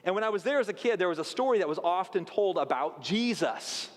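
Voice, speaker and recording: High-voiced pastor in an echoing hall. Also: male voice, animated, fairly quick. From South Dakota. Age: late 30s. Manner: conversational storytelling with asides to the congregation. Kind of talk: sermon. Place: church sanctuary. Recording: long hall reverb.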